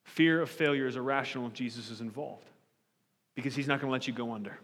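A man's voice: mid-range voice, fast, a bit bright, long reverb tail. A man preaching a sermon as pastor, earnest and pleading, often restarting and repeating words as he builds his point.

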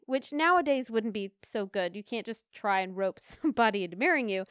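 A young woman on a podcast, talking fast and opinionated, her voice sitting a little high and sounding smooth and clear. The recording is close and dry, with no room sound. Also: no room sound. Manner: chatty, animated and opinionated, slips into rants. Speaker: podcast co-host. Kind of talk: casual chat about a period drama.

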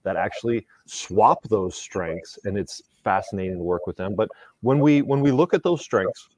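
A man's voice: on the low side, moderate pace. A man from Indiana, a couples therapist, talking animatedly and emphatically in a casual podcast chat. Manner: animated, emphatic, swings loud and soft.

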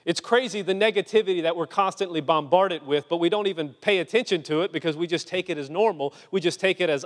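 A man's voice: high-pitched, fast, few pauses. A man preaching a sermon, dramatic and insistent, firing off rhetorical questions and acting out the scripture he quotes. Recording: long reverb in a large hall.

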